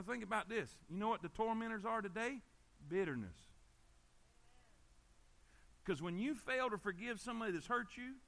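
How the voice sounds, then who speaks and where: A man's voice: high voice, sharp tone. A man preaching a sermon, emphatic and repetitive, often calling out for amens. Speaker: pastor.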